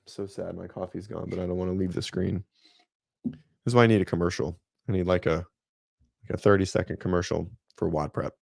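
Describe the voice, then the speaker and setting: Man in his thirties, fitness host, low gravelly voice, laid-back rambling livestream chat. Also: fairly even intonation, brisk, long pauses, darkish tone, no room sound, studio quality. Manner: rambling, laid-back, talks to viewers by name. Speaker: fitness coach and channel host.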